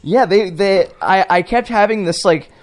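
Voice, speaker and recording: A man's voice: sits high, moderate pace. A man co-hosting a live radio show, telling a story in casual chat and laughing often.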